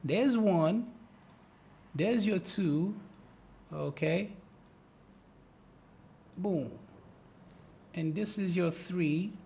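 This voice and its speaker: Man, trading livestream host, high lively voice, gravelly edge, unhurried delivery, teasing. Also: muffled recording, a little hiss or hum. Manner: animated, teasing, bursts into excited shouting. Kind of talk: live market commentary.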